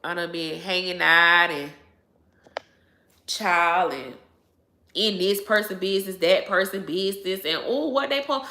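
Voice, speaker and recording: A woman's voice: lowish voice, a little slow, pauses often, bright, forceful tone. A woman in her thirties, a YouTube host chatting to her viewers, blunt and preachy, swearing freely and repeating her points. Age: 30s. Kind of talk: casual chat to viewers. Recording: echoey room.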